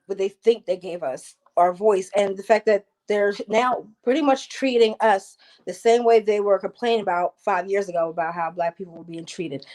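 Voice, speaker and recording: A woman's voice: medium pitch, a little mellow. A woman from New Jersey, an activist guest speaking with passion and frequent restarts in a panel discussion over a video call.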